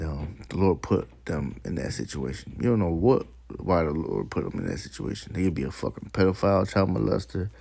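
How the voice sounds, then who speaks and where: A man's voice: low voice, vocal fry, darkish tone, no echo. A man giving a profane, emphatic, casual preaching monologue on scripture and street life, quoting verses between stories. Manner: profane, emphatic, laughs at his own stories.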